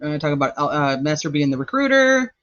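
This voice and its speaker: A man with a fairly high voice gives casual livestream commentary as a true crime host. He rambles and thinks aloud while he checks his notes. The sound is dry and a little dull. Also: very animated, a little fast, a bit bright, no echo.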